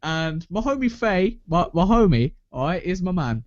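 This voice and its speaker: A man's voice: high-pitched, sing-song, normal speed, no room sound. A young man, co-hosting a podcast in casual chat, crude and boastful, often laughing. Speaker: podcast co-host. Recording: dull lo-fi sound, dry.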